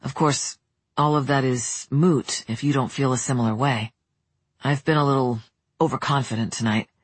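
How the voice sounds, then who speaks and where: An audiobook narrator voicing an earnest young man who talks quietly and haltingly, running himself down. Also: mid-range voice, fairly even intonation, slightly rough, no echo, voice pushed down, lightly acted. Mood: tender. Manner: quiet, halting, self-deprecating. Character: earnest, self-doubting young man in love.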